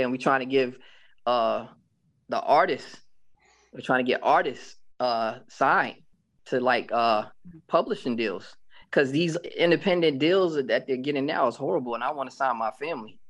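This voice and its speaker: A man's voice: mid-range voice, unhurried, pauses often. A man guest on a radio show, talking about his brand in a rambling way with many restarts. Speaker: guest, clothing brand owner. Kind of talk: casual radio interview. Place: radio studio.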